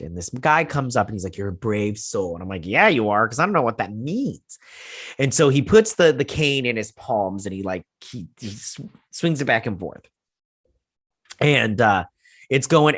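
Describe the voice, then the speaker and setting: A man hosting a casual episode recap and review, rambling through it in an animated way and leaning on "he's like" retellings. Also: medium pitch, no echo, clean studio sound. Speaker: host.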